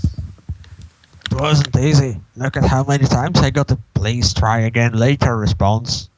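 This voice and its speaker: A man reading the part of a young, boastful baby dragon with an eager, bragging manner and a gravelly edge. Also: mid-range voice, fairly even intonation, a little slow, a little mellow, dull audio, natural voice. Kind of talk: reading a comic aloud in character.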